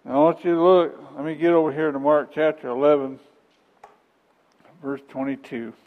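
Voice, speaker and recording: A man's voice: on the high side, fairly even intonation, moderate pace, big-room sound, narrow, tinny audio. A middle-aged man preaching a sermon in a folksy, conversational way, repeating phrases and chuckling between points.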